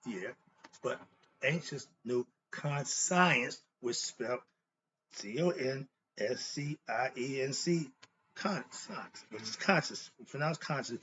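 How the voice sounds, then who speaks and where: A man's voice: medium pitch, fairly bright tone. Blunt man teaching with rhetorical questions. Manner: poses rhetorical questions and answers them himself; emphatic, blunt and conversational. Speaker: philosophy teacher. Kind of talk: informal lecture. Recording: dull lo-fi sound with faint noise.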